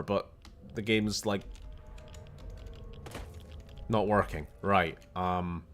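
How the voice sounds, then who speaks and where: A man's voice: low-pitched, fairly even intonation, drawn-out words, long pauses, fairly bright tone, faint music behind. A man with a Scottish accent giving casual, muttering, sweary commentary while streaming a game. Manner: swears often, mutters to himself. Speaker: gaming streamer.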